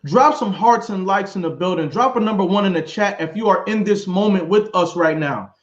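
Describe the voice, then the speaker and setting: A man hosting a livestream interview, energetic and hyping up the audience. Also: high voice, fairly quick. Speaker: host. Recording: roomy, dull lo-fi audio.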